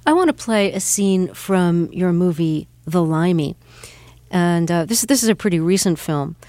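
A woman host leads the interview with curious, conversational questions. Her voice sits a little low for a woman, recorded dry and close. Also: expressive, a little slow, mellow, no echo. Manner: inquisitive, conversational. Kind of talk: radio interview.

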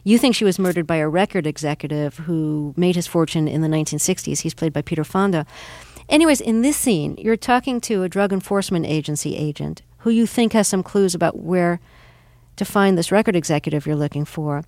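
A woman interviewer asking measured questions and introducing a clip. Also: fairly low pitch, expressive, a little mellow, no room sound. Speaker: radio interviewer.

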